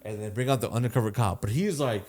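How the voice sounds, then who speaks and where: A young man hosting a podcast, telling a crime story in a loose, animated way, swearing a lot and checking in with "right?". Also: fairly low pitch, fast talker. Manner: swears constantly, animated retelling, keeps asking "right?". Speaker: podcast host. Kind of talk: casual storytelling.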